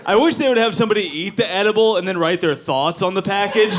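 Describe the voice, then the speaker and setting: A man's voice: sits high, lively intonation, a little fast, crowd noise. A man comedian doing a laid-back stand-up bit with casual slang.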